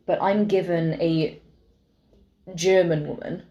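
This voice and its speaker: A Welsh woman in casual podcast chat, her voice a little low and mellow. She talks in a friendly, self-deprecating way and readily agrees with her co-host. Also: fairly even intonation, slow, muffled recording. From Wales.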